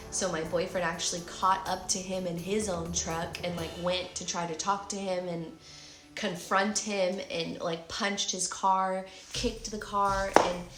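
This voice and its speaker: Bright-voiced young woman telling a story. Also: mid-range voice, roomy sound. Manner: animated, acts out her own shouts and quotes. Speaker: vlogger. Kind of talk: emotional storytime retelling.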